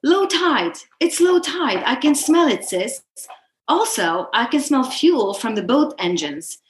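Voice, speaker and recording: A squeaky, excitable little boy who grumbles, then gets playful, as a woman reading a storybook puts him on. His voice jumps up high. The reading sounds roomy, with a faint hiss. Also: slow, full character voice. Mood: excited. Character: reluctant, playful young boy.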